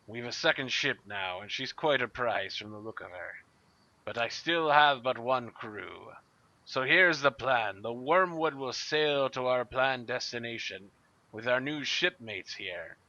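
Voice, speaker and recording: A man voicing a brutal pirate captain in a booming brogue, in a muffled lo-fi recording. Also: expressive, unhurried, bright, forceful tone, no room sound. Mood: commanding.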